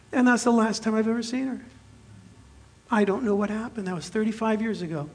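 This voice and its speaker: A high-pitched, husky-voiced pastor in his fifties preaches at normal speed. His sermon includes a personal tale told with jokey self-deprecation, and his animated delivery rises loud and drops soft.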